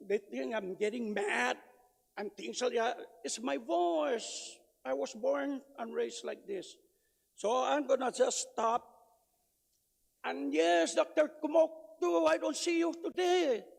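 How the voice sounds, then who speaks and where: A man giving loud, emphatic public testimony at a legislative hearing. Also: very high voice, a little slow, creaky. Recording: reverberant hearing room.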